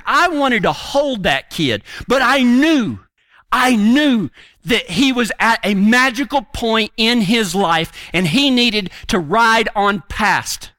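Brief: middle-aged male preacher, folksy and earnest, high bright voice, dry close sound. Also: no room sound. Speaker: preacher and horseman. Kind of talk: folksy sermon storytelling.

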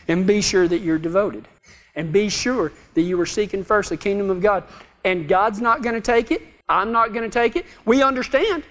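Preacher guy, jokey and folksy, booming then hushed, echoing big hall. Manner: folksy, joking, swings from loud to hushed. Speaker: pastor. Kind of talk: sermon. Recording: long hall reverb.

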